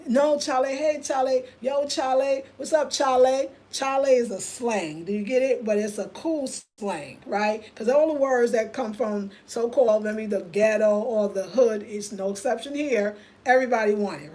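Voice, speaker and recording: A woman's voice: on the high side, low-quality recording. An American woman with an African American English accent, telling stories in a casual vlog and acting out other people's lines. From United States. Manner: animated, acts out other people's voices in quotes. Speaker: vlogger. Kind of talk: casual storytelling monologue.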